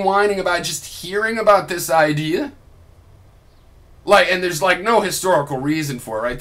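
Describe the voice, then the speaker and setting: A young man with a slightly high, bright, forward voice delivers a combative vlog rant. He swears freely and drips sarcasm, arguing fast and hard into a desk mic. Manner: combative, profane, sarcastic ranting. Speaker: video blogger. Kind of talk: heated reply vlog.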